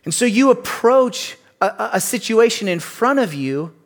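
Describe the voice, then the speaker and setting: Animated man preaching a casual sermon. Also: high-pitched, moderate pace. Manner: animated, conversational preaching with asides and jokes. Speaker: pastor.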